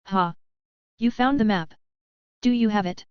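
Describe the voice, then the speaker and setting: Woman reading as a weary, gentle wizard professor. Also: medium pitch, a little slow, smooth, no room sound, natural voice. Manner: guarded, tired and soft-spoken. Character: weary, gentle male wizard professor, young but ailing. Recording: dull, muffled audio.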